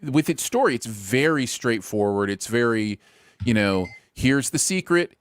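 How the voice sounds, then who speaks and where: A man's voice: medium pitch, lively intonation, unhurried, no echo, clean studio sound. A man co-hosting a movie review podcast, talking casually and enthusiastically with an uneven pace. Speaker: podcast co-host.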